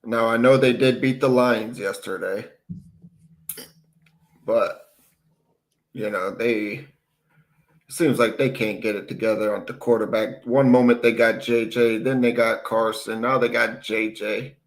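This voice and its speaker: A man's voice: medium pitch, fairly even intonation, a little slow, long pauses. A man with an ordinary mid-range voice, co-hosting a casual sports podcast. He keeps things laid-back and slangy, often chiming in with short replies. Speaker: podcast co-host.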